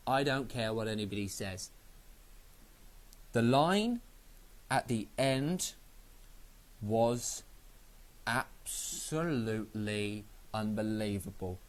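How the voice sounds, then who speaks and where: A man giving a casual spoken review of a wrestling show, excitable and rambling, swearing freely. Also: lowish voice, takes it slowly, pauses often.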